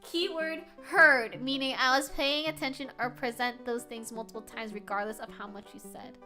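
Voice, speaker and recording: A young adult woman streamer chatting casually with her viewers, loud and animated, often yelling and laughing, with a sore throat. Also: on the high side, normal speed, soft background music. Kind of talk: casual live-stream chat.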